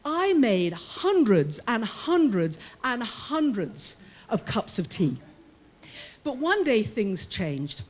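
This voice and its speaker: Lively British woman telling a story. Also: on the high side, takes it slowly. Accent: British English. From Britain. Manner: lively, humorous storyteller who acts out quoted voices. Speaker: prison chaplain telling a story. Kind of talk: live personal storytelling.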